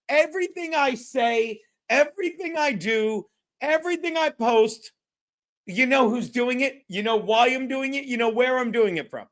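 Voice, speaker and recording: A man's voice: very high-pitched, moderate pace, fairly bright tone. A man hosting a podcast, chatting casually and telling stories in a brash, profane way, often mimicking other people. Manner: brash, profane, storytelling with quoted voices. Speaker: podcast host. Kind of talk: casual chat.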